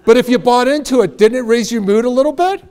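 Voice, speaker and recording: A middle-aged man, a motivational speaker, giving an energetic, joking talk to a live audience and leading it in exercises. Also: very high-pitched, fast talker.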